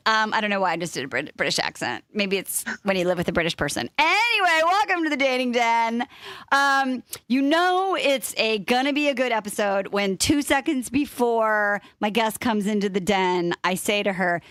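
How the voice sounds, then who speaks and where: A woman's voice: fairly high pitch, animated, moderate pace, fairly bright tone, dry recording. A woman hosting a casual podcast interview, bubbly and salty-tongued, laughing often. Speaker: podcast host.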